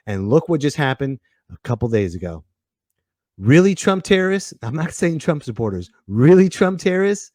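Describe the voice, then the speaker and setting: A man hosting his comedy podcast, excitable and ranting, with sudden bursts of shouting. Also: a little high, dry recording, clean studio sound. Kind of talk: casual comedic monologue.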